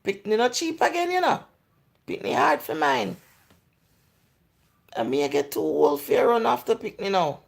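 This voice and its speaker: A woman's voice: a little high, animated, normal speed, gravelly, long pauses. A woman in her forties with a Jamaican accent, chatting casually on a livestream and answering viewer comments, candid and slipping into patois. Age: 40s. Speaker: livestream host.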